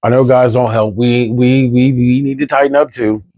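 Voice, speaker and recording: A man's voice: mid-range voice, steady tone, normal speed, mellow, dry recording. Exasperated, cursing man ranting to camera. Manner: exasperated, profane, rhetorical questions. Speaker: vlogger. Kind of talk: candid ranting monologue.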